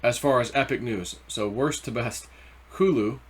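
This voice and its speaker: A man hosting his own crypto channel, talking in a casual, rambling and excitable way with many restarts. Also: mid-range voice, normal speed, husky.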